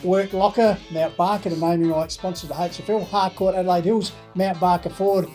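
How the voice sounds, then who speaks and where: A high-pitched Australian man hosts a community footy chat show in a jovial, folksy way, reading sponsor thanks and wrapping up the night. Soft music plays behind him. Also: fairly even intonation, a little fast. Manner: jovial, folksy sign-off patter. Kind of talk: casual sports chat show hosting.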